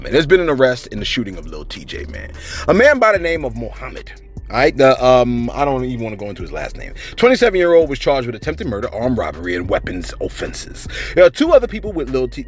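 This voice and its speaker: A man's voice: mid-range voice, a little fast. A man with a New York accent, commenting on celebrity news in a slangy, casual monologue to his viewers. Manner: slangy, animated, frequent "you know what I'm saying".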